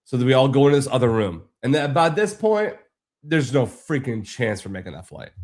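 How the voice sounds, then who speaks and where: A man's voice: medium pitch, big pitch swings, a little fast, darkish tone. A man casually telling a long, frustrated story on a live stream, rambling and swearing freely.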